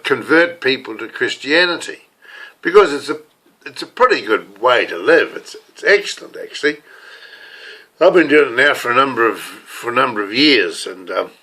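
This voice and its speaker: A man's voice: medium pitch, bright, forceful tone. An older man with a New Zealand accent, talking to camera in a rambling, casual monologue full of restarts. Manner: rambling, many restarts and fillers. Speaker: self-styled preacher and video blogger.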